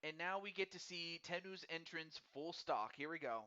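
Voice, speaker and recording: Man, stream host, casual commentary, stammering and repeating words, bright forceful voice, smooth and clear, dull lo-fi sound. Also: a little high, moderate pace. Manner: chatty, stammers and repeats words while thinking aloud; friendly and addresses viewers directly. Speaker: stream host running a wrestling game. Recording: dull lo-fi recording.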